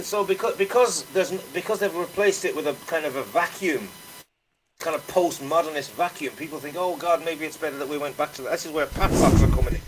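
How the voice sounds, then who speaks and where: Man, casual political chat, rambling and sweary, faint hiss behind. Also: fairly high pitch. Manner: rambling, profane, with frequent restarts.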